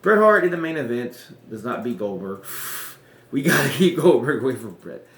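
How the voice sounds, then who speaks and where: A man talks through wrestling bookings in casual, rambling chat, often stopping to correct himself. His pitch sits in the middle. A roomy echo surrounds the voice. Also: sing-song, normal speed, a bit bright. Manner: rambling, self-correcting, chuckling asides. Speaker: wrestling podcaster.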